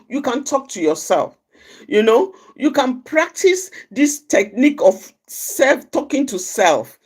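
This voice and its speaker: A woman with a high voice that swings up and down gives an informal, encouraging talk on calming anger. She circles back over each point, restating it and peppering her sentences with "you know". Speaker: outreach speaker on anger management.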